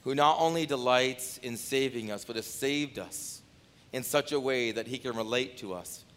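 A pastor delivering an impassioned sermon to his congregation, his delivery swinging from loud declarations to hushed appeals. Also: medium pitch, moderate pace. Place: church sanctuary.

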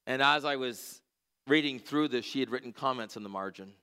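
A man preaching as a church pastor, telling stories in an earnest way and dropping to a hushed voice at moving moments. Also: medium pitch, a little fast, clear, resonant tone. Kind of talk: sermon storytelling.

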